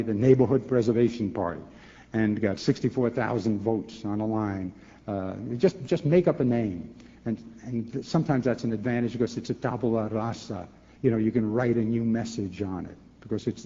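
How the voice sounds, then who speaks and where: A man in his sixties, a former governor, answering a question at a forum with animated, rhetorical talk, acting out both sides of dialogues and repeating words as he restarts. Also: medium pitch. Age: 60s. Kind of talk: lecture-hall Q&A answer. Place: large lecture hall. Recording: echoey hall, dull lo-fi tape.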